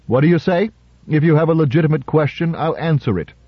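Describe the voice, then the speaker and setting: A composed male politician, read by a man who answers slowly and without emotion. His tone stays level and firm. The recording sounds a little dull and muffled. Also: fairly high pitch, husky, dry recording, voice pushed up. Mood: calm, firm. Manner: slow, unemotional. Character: calm composed male politician, measured and unemotional.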